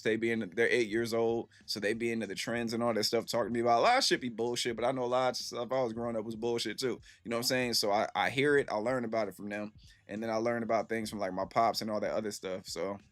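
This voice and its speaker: A man's voice: medium pitch, no room sound. A man in his thirties streaming and answering his chat in a rambling, slangy storytelling way full of fillers. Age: 30s. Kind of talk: casual livestream chat.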